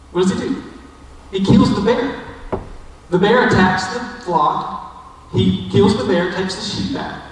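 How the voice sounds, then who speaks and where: A young man preaching a casual sermon, telling the story in a chatty way and checking in with listeners with "okay?". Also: sits high. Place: church hall. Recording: echoey hall from far off.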